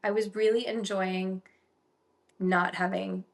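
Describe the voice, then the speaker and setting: A woman's voice: medium pitch, slow, vocal fry. Chatty young woman telling a story. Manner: animated storyteller, lots of "like". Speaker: podcast co-host. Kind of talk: casual storytelling chat.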